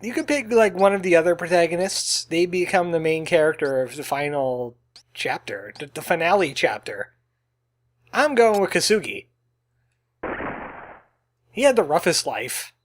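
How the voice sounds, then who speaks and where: A man's voice: on the high side, animated, moderate pace, pauses often. A man casually commenting on a game he is playing as the channel's let's play host, chatty and joking, slipping into a cowboy voice now and then. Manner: chatty, jokey, puts on a cowboy voice. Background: faint game music.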